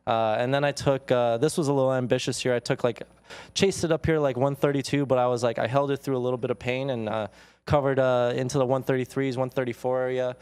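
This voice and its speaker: A man on a trading show recapping his day's trades in an excited, casual way, full of fillers and "like". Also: medium pitch, quick pace, clear, resonant tone. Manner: excited, filler-heavy, says "like" a lot. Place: trading floor studio.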